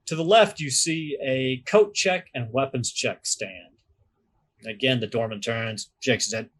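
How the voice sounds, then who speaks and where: Husky-voiced man narrating a tabletop game. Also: mid-range voice, fairly bright tone. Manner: descriptive, measured storytelling. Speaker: game master.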